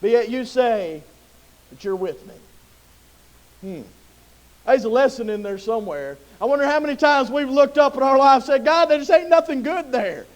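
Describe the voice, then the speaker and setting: A man's voice: extremely high pitch, animated, normal speed, long pauses. A man preaching a sermon with impassioned storytelling.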